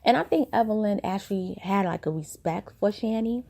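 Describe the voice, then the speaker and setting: Gravelly, mellow-voiced woman recapping gossip. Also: mid-range voice, brisk. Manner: chatty, gossipy retelling with quoted voices. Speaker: reality TV recap commentator. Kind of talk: casual recap commentary.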